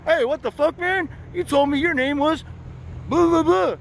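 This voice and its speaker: A man's voice: high voice, fairly quick, pushed and bright, slight background noise, pitched above the performer's own voice, rough recording. A man voicing an aggressive male police officer who barks profane orders and threats. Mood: angry. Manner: menacing, profane, barking orders. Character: aggressive male street cop, bullying.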